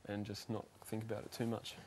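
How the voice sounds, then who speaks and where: Chef dude rambling casual, low voice, talks real quick. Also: male voice, completely flat delivery, a little mellow. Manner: chatty, casual.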